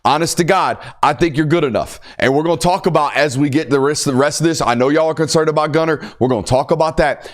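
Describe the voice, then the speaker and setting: A man's voice: on the high side, quick pace, hardly any pauses. A young man hosting a football podcast, talking casually and emphatically, sometimes ranting. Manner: animated, emphatic, ranting at times. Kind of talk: casual sports talk.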